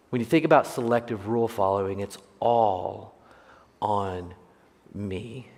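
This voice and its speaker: Storytelling pastor in a big reverberant hall. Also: male voice, lowish voice, a little mellow. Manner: jokey storyteller, asks the congregation questions. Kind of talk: sermon with personal stories. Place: large church sanctuary. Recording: long church hall reverb.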